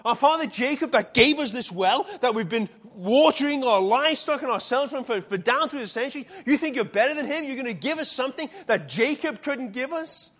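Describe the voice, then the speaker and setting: A defensive, quick-tongued Samaritan woman, put on by a male preacher, fires off challenging questions in a lifted voice. The pitch sits high for a man. It is a storytelling voice inside a sermon. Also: expressive, fairly bright tone, heavily acted. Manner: rapid, challenging, rising questions. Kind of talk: sermon storytelling with acted quotes.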